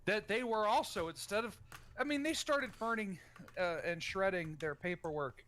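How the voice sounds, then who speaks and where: A man's voice: high-pitched, moderate pace, fairly bright tone, a little hiss or hum. A man co-hosting a podcast in casual chat, wry and talkative about history. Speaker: podcast co-host.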